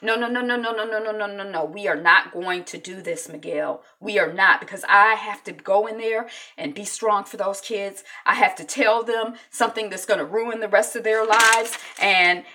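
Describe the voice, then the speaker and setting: A distraught young mother and new widow, acted out by a woman recapping a show. Her voice runs bright and high with a gravelly rasp underneath, and she pleads breathlessly, rising toward frantic. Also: steady tone, moderate pace, hardly any pauses. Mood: fierce.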